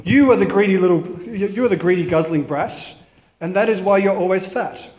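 A man's voice: sits high, normal speed, echoey room, big-room sound, background noise, close to an everyday voice. A man voicing a stern mother who scolds her greedy child. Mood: scolding. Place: chapel.

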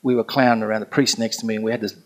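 A middle-aged man, telling a story in an animated way and acting out what others said. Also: lowish voice, racing. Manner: animated, acts out quoted speech. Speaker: pilgrimage companion telling a story. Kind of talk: anecdotal storytelling.

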